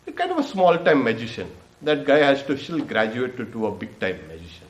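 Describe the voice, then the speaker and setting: A man giving a sermon as a swami, his voice carrying around an echoey hall. He laughs often as he talks and leaps up in pitch when he acts out people's questions. He sounds mid-pitched and unhurried. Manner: laughs often, animated with lively pitch jumps. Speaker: swami giving a spiritual talk.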